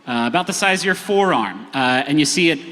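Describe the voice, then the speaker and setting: Man game master, lively up-and-down voice, higher pitch, theater reverb. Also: brisk. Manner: hesitant, lots of uh fillers, playful. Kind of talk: live tabletop game narration. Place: large theater stage. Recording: live theater stage reverb.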